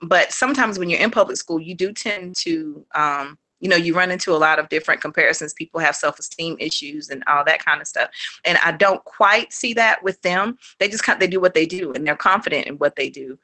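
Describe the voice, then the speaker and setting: A woman who is a homeschooling mother, talking as a guest in a relaxed interview. Her voice sits low, but her tone is bright and edgy. She rambles through fillers and false starts, laughs easily, and acts out other people's words as she tells stories. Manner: rambling and animated, full of fillers, restarts and quick laughs; acts out her kids' lines in a raised voice. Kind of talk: casual interview chat.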